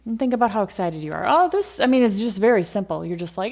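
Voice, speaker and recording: Female podcast host, mid-pitched, upbeat, encouraging advice-giver. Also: animated, fast, hardly any pauses, darkish tone. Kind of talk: casual podcast chat.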